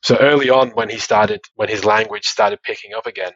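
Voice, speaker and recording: A man, a father telling stories as a podcast guest, animated and quick to laugh. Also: medium pitch, gravelly, highs cut off. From Australia. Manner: animated storytelling, laughs often, many restarts. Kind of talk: casual interview chat.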